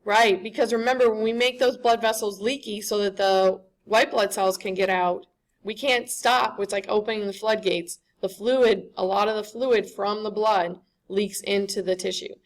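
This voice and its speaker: Gravelly-voiced woman lecturing a class. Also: medium pitch, fairly even intonation, normal speed. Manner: conversational, often checks in with "right?".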